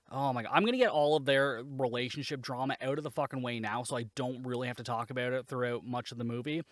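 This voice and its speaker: Guy hosting a podcast, rambly and sarcastic, swears a lot, middle pitch, dry close sound. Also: no echo. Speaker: podcast host, movie reviewer. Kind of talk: casual spoken review.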